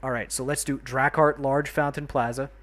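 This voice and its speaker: The delivery is flat and moderately paced, from a medium-pitched, slightly bright male voice. He's a New York livestream host chatting casually over a city-building game, friendly as he names viewers to greet and thank them.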